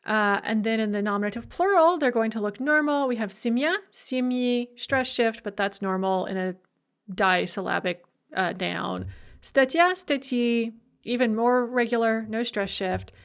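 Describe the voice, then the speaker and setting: A woman giving a recorded grammar lecture, explaining slowly and deliberately, with enthusiastic asides. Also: on the high side. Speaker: Russian language lecturer.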